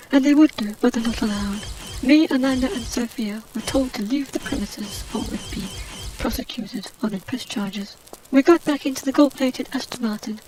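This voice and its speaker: A woman's voice: on the high side, dark tone, slight background noise, close to an everyday voice, rough recording. A woman voicing a haughty, out-of-work adventurer heroine, rambling snobbish gossip over gameplay commentary.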